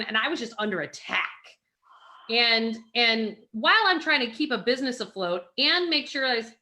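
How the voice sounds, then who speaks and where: A woman hosting a casual podcast conversation, giggly and quick to laugh, telling candid stories in an animated way. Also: medium pitch. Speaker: podcast host.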